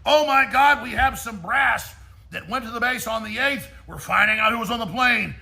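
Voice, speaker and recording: A man's voice: very high-pitched, normal speed, pushed and bright. A man ranting on his talk show, mocking his targets in put-on voices and repeating himself. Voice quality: gravelly, mocking. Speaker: radio show host.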